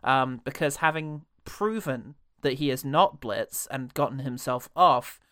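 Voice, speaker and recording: A man's voice: mid-range voice, unhurried, a bit bright, no room sound, clean studio sound. A man co-hosting a casual film-review podcast, jokey, laughing often and swearing freely. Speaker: podcast co-host.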